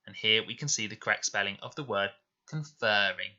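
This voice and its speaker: A man teaching a recorded spelling lesson to children, explaining slowly and clearly and repeating words with care. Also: fairly low pitch, pushed and bright, lo-fi sound. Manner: slow, clear, deliberate explanations. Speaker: primary school teacher. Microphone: voice-over to slides.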